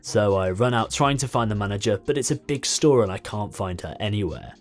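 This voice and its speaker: Expressive low-voiced male story reader. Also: brisk, faint music behind. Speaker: narrator. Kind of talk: reading a story aloud.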